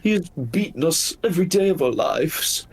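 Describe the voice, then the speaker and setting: Man voicing a whiny, overly polite wolf in a tabletop game, high and breathy. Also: lively intonation, normal speed. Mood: pleading. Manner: whimpering, pleading, over-polite. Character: pitiful sly male winter wolf, limping, pleading.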